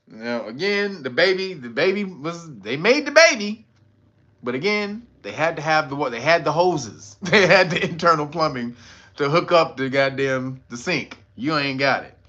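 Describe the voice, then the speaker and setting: Lively, laughing male commentary host. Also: fairly high pitch. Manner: laughs often, riffs and restarts, curses freely. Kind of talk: casual commentary stream. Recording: dull lo-fi sound.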